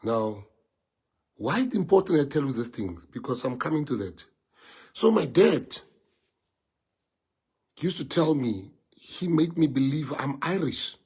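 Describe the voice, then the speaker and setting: A man's voice: fairly high pitch, very animated, unhurried, pauses often, darkish tone, slightly rough. A South African man whose first language is Afrikaans, giving an emotional, rambling livestream address to party members and piling up rhetorical questions.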